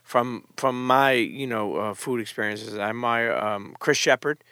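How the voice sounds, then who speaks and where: A man's voice: mid-range voice, unhurried, sharp tone, clear, resonant tone, dry recording, studio quality. A man hosting a casual interview who asks questions in an easygoing, encouraging way and uses slang. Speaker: podcast host.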